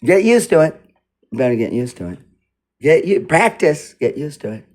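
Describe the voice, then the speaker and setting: A man's voice: on the high side, big pitch swings, moderate pace, darkish tone. A man giving casual commentary over a video, rambling and repeating words as he mock-teaches pronunciation. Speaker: video reactor.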